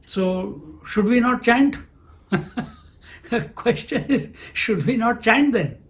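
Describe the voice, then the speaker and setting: A man delivers a spiritual discourse. He speaks at an unhurried pace, often posing questions and then answering them himself. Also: very high-pitched, lively intonation, fairly bright tone. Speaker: spiritual teacher.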